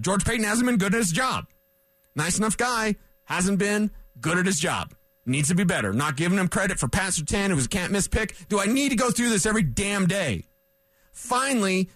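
A man's voice: high voice, fairly bright tone, no echo. A male sports radio host delivering a fired-up, combative rant in a studio, hammering his points with repetition. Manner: emphatic, combative, repeats points for punch.

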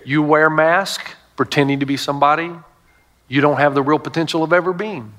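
High-voiced preaching pastor, middle-aged man. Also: fairly even intonation, fairly quick, a bit bright. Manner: storytelling with emphatic asides. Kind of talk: sermon.

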